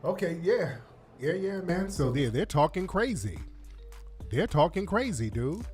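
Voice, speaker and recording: A man's voice: on the high side, big pitch swings, measured pace, faint music behind. A man hosting a radio show, giving blunt, slangy commentary. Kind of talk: commentary over played clips.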